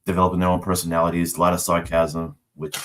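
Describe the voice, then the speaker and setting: A man's voice: low voice, monotone, quick pace. A man from Nigeria telling casual stories about his kids, acting out their lines and laughing often. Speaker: show regular, father. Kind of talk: casual chat.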